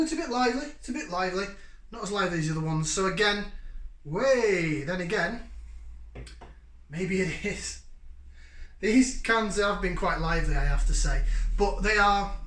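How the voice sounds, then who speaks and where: A man's voice: high voice, a bit bright, echoey room, a little hiss or hum. A man in his forties from Yorkshire, hosting a casual beer review vlog in a chatty, jokey, upbeat way. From Yorkshire, England. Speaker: beer reviewer, channel host.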